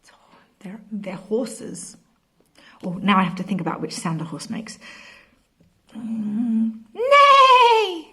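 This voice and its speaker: A woman's voice: lowish voice, moderate pace, fairly bright tone, in a whisper. A woman teacher leading a playful animal-sounds lesson for children, imitating animal noises. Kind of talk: playful classroom video lesson.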